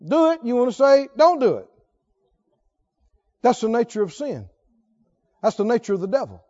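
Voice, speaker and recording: A male pastor preaching with a very high, lively voice that rises and falls widely. He keeps asking his listeners questions. The recording is dull and lo-fi. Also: a little slow, pauses often. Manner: emphatic, asks the congregation questions. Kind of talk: sermon.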